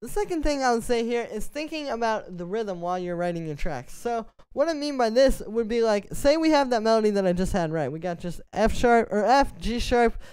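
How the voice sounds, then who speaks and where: A man, a music producer, explaining melody writing in a relaxed, conversational tutorial, stepping through his points one by one. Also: very high-pitched, fairly quick, hardly any pauses, clean tone, no echo. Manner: conversational, explains step by step while playing examples. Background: synth music playing.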